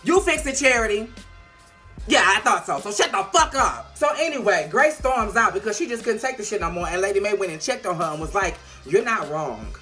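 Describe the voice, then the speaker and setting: Woman vlogger, sassy, profane, animated, bright sharp voice, faint music behind. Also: medium pitch, fairly quick. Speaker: TV show reviewer. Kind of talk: casual video review.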